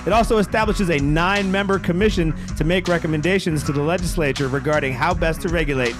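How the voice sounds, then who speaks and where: A man with a fairly high voice hosts a podcast, running through news in a loose, joking style and cursing often. Music plays clearly underneath him. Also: fast talker. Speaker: podcast host. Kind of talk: casual news roundup on a podcast. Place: podcast studio.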